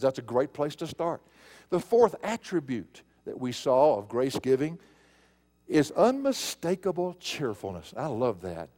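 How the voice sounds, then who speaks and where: A man's voice: a little high, darkish tone. A man preaching a sermon as pastor, leaning hard on key words and stretching them out for emphasis.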